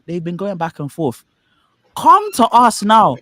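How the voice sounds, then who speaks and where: Speaking in a high voice at a measured pace with no room sound, a Nigerian man co-hosts a stream in casual conversation. He spins lively stories, laughing frequently and dropping "bro" constantly.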